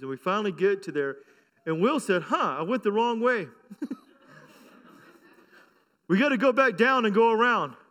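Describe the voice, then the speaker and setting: A middle-aged male pastor delivers a sermon in a high, ringing voice. He tells stories with a chuckle, then builds to a fervent, insistent call. His tone is bright and carries well. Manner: storytelling with laughs, building to fervent preaching.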